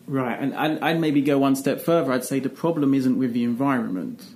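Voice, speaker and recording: A man's voice: medium pitch, a little fast, a little mellow. A man guest in a casual discussion who talks hesitantly and repeats words.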